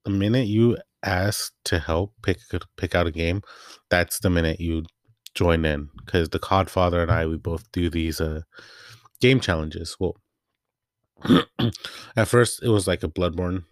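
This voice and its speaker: A man's voice: sits low, unhurried, no room sound, clean studio sound. A man hosting a podcast, telling stories in a laid-back, rambling way full of fillers. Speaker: podcast host. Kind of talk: casual chat.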